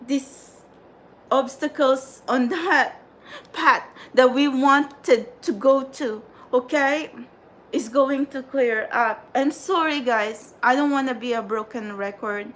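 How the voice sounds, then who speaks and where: High-voiced exasperated woman ranting on stream. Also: slow, a bit bright. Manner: exasperated, repetitive, scolding. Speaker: tarot livestream host. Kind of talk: frustrated livestream rant.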